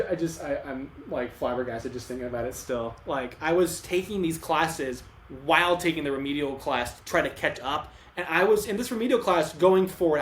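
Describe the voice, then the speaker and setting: A young man co-hosting a podcast, telling his story in casual talk with many restarts and emotional moments. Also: fairly high pitch. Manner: rambling, restarts often, emotional retelling. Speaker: podcast co-host. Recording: echoey room, faint ambient noise.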